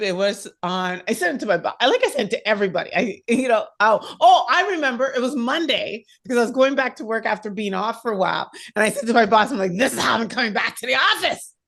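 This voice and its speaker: A woman hosting a podcast in casual chat, bubbly and laughing often, with quick bursts of talk. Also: on the high side. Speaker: podcast host.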